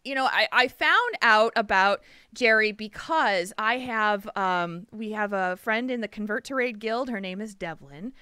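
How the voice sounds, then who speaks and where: A woman's voice: mid-range voice, unhurried, hardly any pauses, bright, forceful tone, smooth, no room sound, studio quality. A woman hosting a podcast in casual chat, bubbly and laughing often. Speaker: podcast host.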